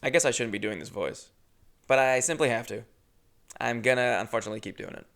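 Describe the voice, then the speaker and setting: A young man hosting a podcast, telling a comedic story in a rambling, profane, animated way. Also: medium pitch, quick pace, gravelly. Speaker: podcast host.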